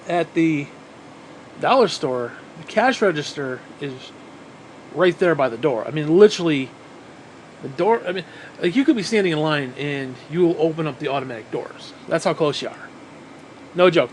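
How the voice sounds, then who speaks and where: A man telling a story casually, animated, swearing often and repeating phrases for emphasis, sounding tired. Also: a little high, a little hiss or hum, poor audio. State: physically exhausted.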